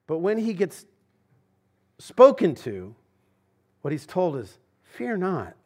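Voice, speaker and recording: Male pastor, fairly high voice, conversational sermon, emphatic, loud then hushed. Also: wildly swooping pitch, takes it slowly. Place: church sanctuary.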